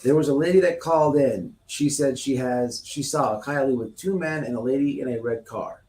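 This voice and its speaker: A man hosting a casual live stream, talking in an animated, repetitive way and acting out scenes as he speaks. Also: medium pitch, normal speed, recorded from a distance, slight background noise. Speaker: livestream host. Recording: roomy, off-mic sound.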